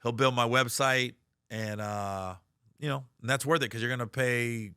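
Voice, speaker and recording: Brief: middle-aged male comedian, bright dry voice, animated storytelling. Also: medium pitch, moderate pace, clear, resonant tone, dry recording. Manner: animated, profane, acts out quoted voices.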